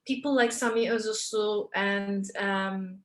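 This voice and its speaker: A woman's voice: medium pitch, steady tone, measured pace. A woman speaking on a panel discussion, earnest and explanatory.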